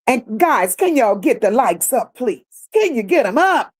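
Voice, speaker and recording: A woman's voice: on the high side, big pitch swings, unhurried. A woman hosting a livestream, reading viewer comments aloud and answering them bluntly, with sassy repeated phrases. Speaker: livestream host.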